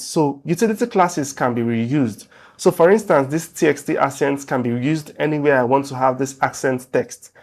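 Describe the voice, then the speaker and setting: A man teaching a web development lesson, talking through code as he types it on screen. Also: a little high. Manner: relaxed, thinking aloud while typing. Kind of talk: screen-share coding tutorial.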